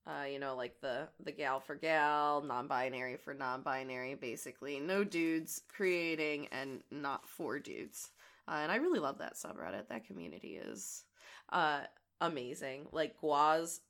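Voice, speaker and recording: Low gravelly-voiced woman, chatty. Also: lively intonation, a little slow, fairly bright tone. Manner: rambling and chatty, many fillers. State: gravelly voice today. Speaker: audio creator and crafting vlogger. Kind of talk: casual chat while crafting.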